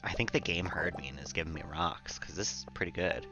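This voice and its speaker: A man streaming a game and chatting casually in a relaxed, rambling way, chuckling often. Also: low-pitched, fast, creaky, over music. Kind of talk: casual gameplay chat.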